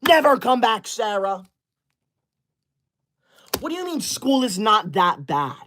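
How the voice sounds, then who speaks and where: Playing a bossy teacher's-pet streamer in a comedic livestream skit, a man sounds indignant as he scolds with self-righteous flair. His delivery is heavily acted, sitting high with big pitch swings, a slow pace, and a pushed, bright quality. There's slight background noise.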